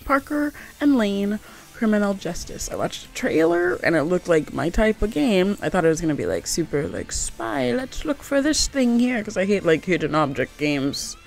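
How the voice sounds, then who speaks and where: Young female let's-play host, chatty and full of "like" fillers, with a lively, bouncy delivery and a slightly gravelly voice. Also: mid-range voice, moderate pace, soft background music. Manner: chatty, full of "like" fillers, reads game text aloud. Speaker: gaming video host. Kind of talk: casual let's-play commentary.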